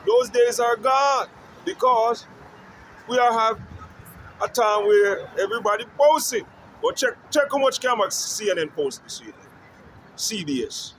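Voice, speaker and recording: A musician talking straight to camera on a city street, emphatic and repetitive, often checking that the listener understands. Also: male voice, high-pitched, fairly bright tone, a little hiss or hum, poor audio. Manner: emphatic, repetitive, keeps asking "you understand?". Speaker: musician promoting his music. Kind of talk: street-side vlog rant.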